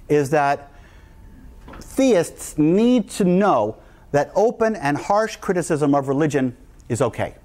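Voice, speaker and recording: A man's voice: fairly high pitch, darkish tone. A middle-aged man from New Jersey giving a public talk to a live audience, emphatic and repetitive as he hammers his points home. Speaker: guest speaker.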